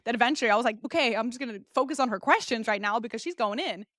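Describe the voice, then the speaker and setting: Young woman host, blunt and crude storytelling, high voice, dead dry sound. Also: racing, fairly bright tone, no room sound. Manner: candid, blunt and crude, acts out the nurses' soothing voices. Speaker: podcast host. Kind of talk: casual storytelling monologue.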